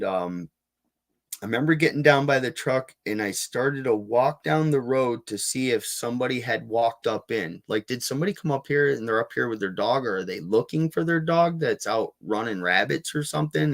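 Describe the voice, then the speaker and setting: A man speaks as a guest in a relaxed interview, his voice sitting in an ordinary middle register. He tells his story in a loose, rambling way, often restarting and filling gaps with fillers. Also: mid-range voice, normal speed. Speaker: guest, Bigfoot field researcher. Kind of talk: casual storytelling in a podcast interview.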